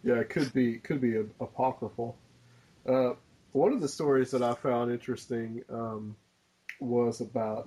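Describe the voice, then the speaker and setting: A man's voice: mid-range voice, mellow, breathy edge, poor audio. A man hosting a podcast, asking questions in a casual, hesitant way. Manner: hesitant, filler-heavy. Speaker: podcast host.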